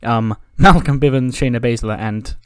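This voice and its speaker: A man's voice: medium pitch, moderate pace, clear, resonant tone, no echo. A man giving casual commentary on a wrestling management game, ad-libbing the wrestlers' promos in his own voice and chuckling often. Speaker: let's-play commentator.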